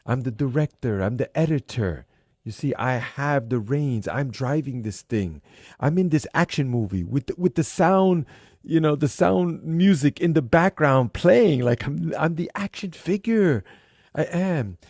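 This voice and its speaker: Animated storytelling man, mellow voice. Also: on the high side, unhurried, no room sound, clean studio sound. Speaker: podcast guest. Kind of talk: casual conversation.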